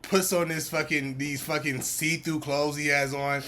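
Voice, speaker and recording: A man co-hosting a casual reaction chat, blunt and profane, with animated outbursts. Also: on the high side, unhurried, slight background noise. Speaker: co-host.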